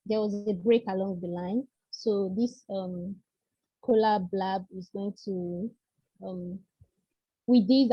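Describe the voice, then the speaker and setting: A woman's voice: medium pitch, dry recording. A woman with a Nigerian accent introducing herself hesitantly, with many "um"s. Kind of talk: self-introduction in an online meeting. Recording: dull, dry call audio.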